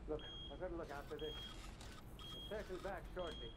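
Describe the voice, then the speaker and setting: An actor voicing a curt, grumpy security auditor in a video game. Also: male voice, on the high side, normal speed, background noise, close to an everyday voice. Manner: curt, dismissive.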